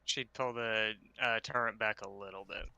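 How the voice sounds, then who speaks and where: A man's voice: fairly low pitch, steady tone, moderate pace, creaky, pushed and bright, clear, resonant tone, no room sound, dull audio. A man describing his character's actions in a tabletop game, loose and full of fillers. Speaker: player. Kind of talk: casual role-play talk.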